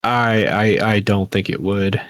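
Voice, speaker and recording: A man's voice: lowish voice, level tone, a little slow, no room sound. Hesitant male podcast guest. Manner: hesitant, many fillers and restarts. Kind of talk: casual podcast chat.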